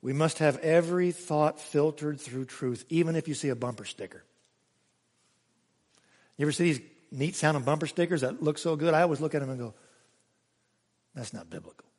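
A male pastor preaching a sermon, emphatic, swinging between raised exclamations and hushed asides. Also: a little high, a little fast, long reverb tail. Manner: emphatic preaching with sudden rises and hushed drops.

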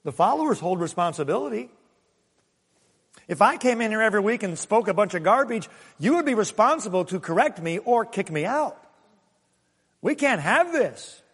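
A man's voice: high voice, very animated, normal speed, long pauses, slightly rough, long reverb tail. A male pastor preaching a sermon in a conversational way, telling stories and chuckling, then pressing his points with more force. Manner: swings from soft asides to raised emphatic points.

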